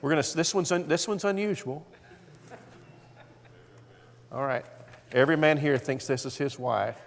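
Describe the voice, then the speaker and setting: A man's voice: on the high side, moderate pace, creaky, slight background noise. A man leading a marriage seminar for men, telling folksy stories and acting out the voices in them. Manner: folksy storytelling, acts out quoted voices. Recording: hall reverb.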